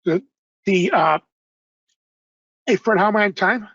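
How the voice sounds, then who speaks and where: A man giving an informal, unscripted software demonstration in an online webinar, apologetic at times. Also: sits high, unhurried, breathy edge, no echo, lo-fi sound. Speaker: software presenter. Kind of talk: live software demo webinar.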